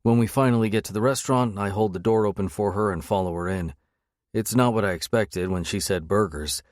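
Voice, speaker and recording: Man reading a romance audiobook, low voice, wry and sardonic, super dry close mic. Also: fairly quick, dry recording. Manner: wry, sardonic inner monologue. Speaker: audiobook narrator. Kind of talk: first-person romance audiobook narration.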